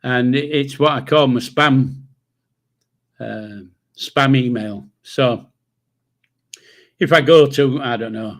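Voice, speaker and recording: An older man hosts a relaxed livestream and chats with his viewers in an unhurried, drawn-out way. He wanders from one thought to the next, swearing casually and chuckling to himself. His voice sits at an ordinary middle pitch. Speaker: livestream host. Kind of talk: casual live chat reading comments.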